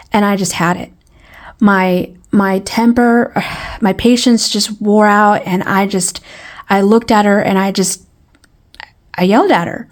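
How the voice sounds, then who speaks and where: A woman telling a story to her viewers in a rambling, casual way, often repeating herself and sounding exasperated. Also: mid-range voice. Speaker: vlogger.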